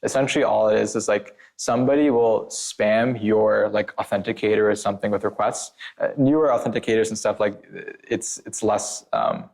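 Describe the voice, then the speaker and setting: A man's voice: on the low side, fairly even intonation, normal speed, gravelly, hardly any pauses, a little mellow. A man, a former penetration tester, talking as a podcast guest in a casual, rambling way, full of filler words and blunt warnings. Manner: blunt and emphatic.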